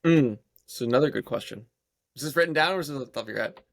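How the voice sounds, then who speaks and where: A man's voice: medium pitch, fast, creaky. A man in his thirties, a golf pro and podcast guest, telling loose self-deprecating anecdotes in casual chat. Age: 30s.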